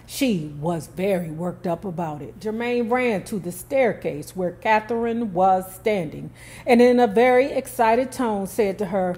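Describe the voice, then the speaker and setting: A woman's voice: medium pitch, expressive, a little slow, a little mellow. Woman narrating a story with casual asides. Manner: casual, emphatic commentary between readings.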